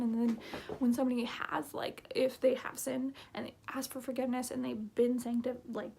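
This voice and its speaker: Woman, late 20s, husky high voice, chatty vlogger reviewing a book, lots of um and like. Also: a little mellow. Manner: rambling, emotional, many fillers and half-whispered asides. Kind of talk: casual vlog book review.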